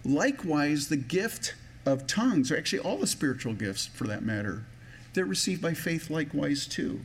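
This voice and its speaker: A man's voice: a little high, big pitch swings, normal speed, slight background noise. A man preaching a sermon in a personal, conversational way, with many restarts and a touch of emotion. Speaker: pastor.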